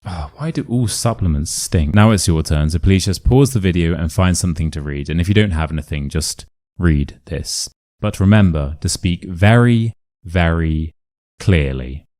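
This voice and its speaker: A man with a Modern RP British accent teaching a pronunciation lesson, speaking clearly and with careful enunciation in an upbeat coaching manner. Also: low-pitched, a little fast, few pauses, dark tone.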